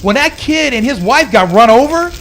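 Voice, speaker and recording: A man co-hosting a radio show, talking in an emphatic, animated way and repeating words as he argues about a film. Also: very high voice, moderate pace. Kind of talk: casual debate chat.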